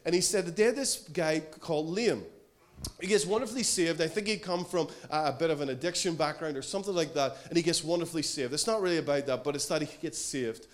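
Male pastor, high voice, earnest sermon, storytelling, young adult. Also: quick pace.

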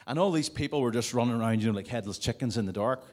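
A man's voice: medium pitch, rapid-fire, a little mellow. A man preaching a sermon to a congregation in a conversational way, with jokey asides. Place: church service before a congregation.

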